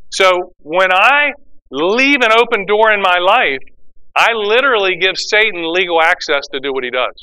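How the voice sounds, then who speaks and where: A pastor preaching a sermon, explaining scripture and acting out the voices of the people in it. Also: male voice, high voice, clean tone, poor audio. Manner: animated preaching, acts out quoted voices.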